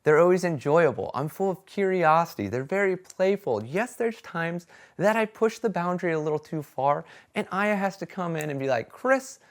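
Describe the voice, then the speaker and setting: A vlogger talks casually to camera about his experiences, telling stories with animation, acting out quoted voices, and often checking in with "right?" and "okay?". His voice is a little high and moves at normal speed.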